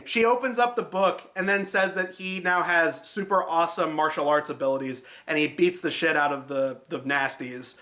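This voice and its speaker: Guy reviewing a movie, snarky and sweary, kinda bright edgy voice. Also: a little high, moderate pace, few pauses, soft background music. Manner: sarcastic, swears freely, mocking. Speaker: film reviewer, host. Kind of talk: casual spoken review.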